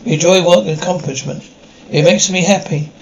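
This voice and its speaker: An actor with a French accent playing a blunt, sardonic coworker in a scripted drama, lecturing frankly. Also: male voice, high-pitched, fairly quick, slight background noise, low-quality recording. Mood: teasing lecture. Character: blunt, sardonic male French office worker. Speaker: office coworker.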